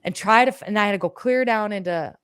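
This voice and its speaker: A woman co-hosting a podcast, telling a story in a casual, animated way, swearing freely and acting out her own words. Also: medium pitch, quick pace, clean tone, no room sound, clean studio sound. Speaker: podcast co-host.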